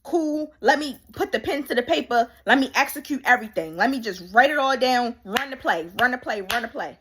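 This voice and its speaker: A woman's voice: a little high, expressive, a little fast, fairly bright tone, husky. A woman life coach speaking casually and emphatically to viewers, repeating key phrases and drawing on her faith. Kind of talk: candid motivational monologue.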